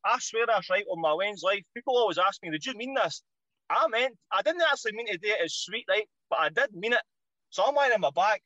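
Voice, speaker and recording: A man with a Scottish accent, a former footballer telling stories as a podcast guest in an animated, slangy way, swearing freely. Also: high voice, no echo, highs cut off. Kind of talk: casual anecdote telling.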